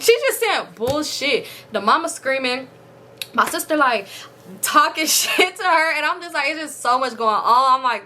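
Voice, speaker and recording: A woman vlogger telling a casual storytime, animated and slangy, with a slightly high, bright and crisp voice. She keeps slipping into quoted voices of the people in her story. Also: moderate pace, slight background noise.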